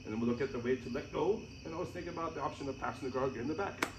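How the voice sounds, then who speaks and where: A man's voice: mid-range voice, very fast. A man teaching jiu-jitsu technique on the mat, talking casually and laughing often while he demonstrates. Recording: noisy gym audio.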